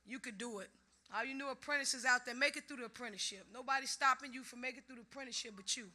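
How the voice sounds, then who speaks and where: A middle-aged woman ironworker giving a speech at a conference, telling lively stories and acting out the voices of people she quotes. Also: high-pitched, rapid-fire. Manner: lively storytelling, acts out quoted voices, laughs often. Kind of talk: speech to a live audience. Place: conference hall.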